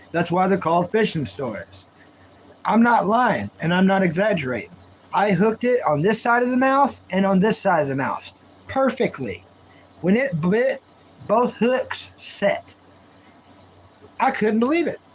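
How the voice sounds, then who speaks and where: High-voiced chatty male streamer. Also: very animated, normal speed, a little hiss or hum, low-quality recording. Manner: chatty, folksy, answers viewer comments aloud. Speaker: livestream host. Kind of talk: casual live-stream chat and storytelling.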